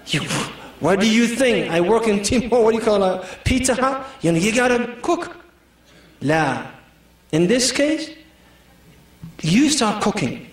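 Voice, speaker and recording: A man's voice: high voice, animated, a little slow, long pauses, reverberant, distant mic. A man giving a humorous sermon to a gathering, telling anecdotes and laughing often as he makes his points. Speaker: preacher.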